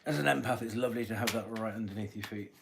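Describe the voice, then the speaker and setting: A man's voice: fairly low pitch, very fast, heavy background noise. Man musing aloud over tarot cards. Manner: musing aloud while drawing cards, frequent throat-clearing. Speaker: tarot reader. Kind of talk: live-stream tarot reading.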